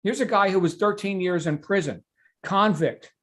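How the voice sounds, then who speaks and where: A middle-aged man gives a motivational coaching talk. His voice sits high for a man. He talks with emphasis, doubles back on his words and keeps tagging on "right?". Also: normal speed, fairly bright tone. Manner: emphatic, repeats words, asks "right?" often.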